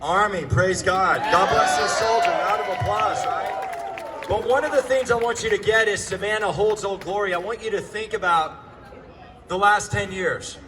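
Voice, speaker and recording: A man giving an impassioned speech to a crowd outdoors, fiery and sarcastic, often shouting through a megaphone. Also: high-pitched, normal speed, background noise. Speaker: rally speaker. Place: outdoors at a street protest.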